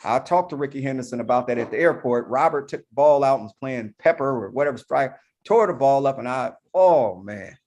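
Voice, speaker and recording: Animated middle-aged man in sports banter. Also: medium pitch, a little fast. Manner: animated storytelling, loud bursts. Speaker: podcast co-host. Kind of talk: casual sports chat.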